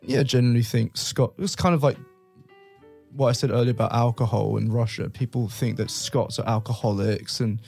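Gravelly man in casual chat. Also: mid-range voice, normal speed, faint music behind. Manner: relaxed, chuckling, explains at length. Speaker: guest explaining British stereotypes.

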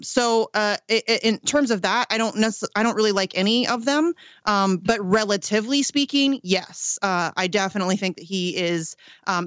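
A woman's voice: mid-range voice, a bit bright, no echo. A woman from Ohio, a political activist, talking casually as a radio guest, with lots of ums and restarts. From Ohio, USA. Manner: chatty, many ums and restarts, laughs often.

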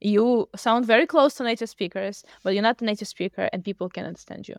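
A woman's voice: mid-range voice, quick pace, creaky, no echo, clean studio sound. A woman from Russia, an English teacher chatting casually on a podcast, talkative with many fillers and asides.

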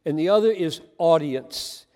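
Male preacher, high-pitched, impassioned sermon delivery in a hall with a long reverb. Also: animated, measured pace, mellow. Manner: impassioned, emphatic, repeats words for stress.

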